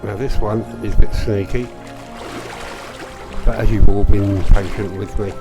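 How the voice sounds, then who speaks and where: A man's voice: on the low side, steady tone, measured pace, over loud music. A man giving a wry, chatty commentary as he plays a video game, with self-mocking asides. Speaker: gamer. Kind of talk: let's play commentary.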